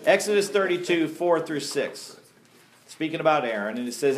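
A man's voice: on the high side, lively intonation, normal speed, roomy sound. A man teaching a sermon-style Bible study in a folksy, emphatic way, asking his group questions and laughing at his own jokes.

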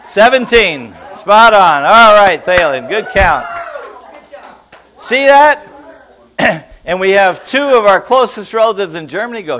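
A man's voice: high voice, very animated, a little slow, bright, forceful tone, some chatter behind. A man preaching to a congregation, playful and quizzing his listeners as he goes. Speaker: pastor teaching a congregation. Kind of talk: lively sermon to a live audience.

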